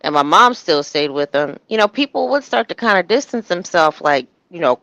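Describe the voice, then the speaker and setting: Low-voiced woman, rambling chat. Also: lively intonation, moderate pace, hardly any pauses, a bit bright, no echo, poor audio. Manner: rambling, many restarts and "you know". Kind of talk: casual chat.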